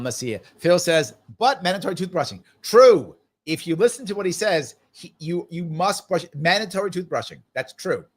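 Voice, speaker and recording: A man hosting a live stream, reading viewer comments aloud and riffing on them. He talks in a chatty, upbeat way and often repeats himself. His voice sits a little high and swings widely in pitch. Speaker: host.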